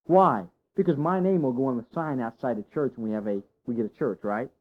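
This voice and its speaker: A man preaching a sermon to his congregation, folksy and animated, full of rhetorical questions. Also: medium pitch, fairly quick. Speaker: pastor. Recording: dull lo-fi sound.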